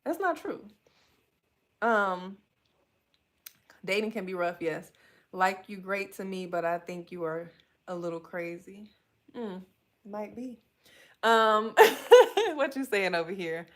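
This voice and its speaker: A woman's voice: mid-range voice, animated, slow pace, pauses often. A woman, talking candidly and with animation, calling her listeners y'all. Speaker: podcast host. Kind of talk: solo podcast talk reading live chat.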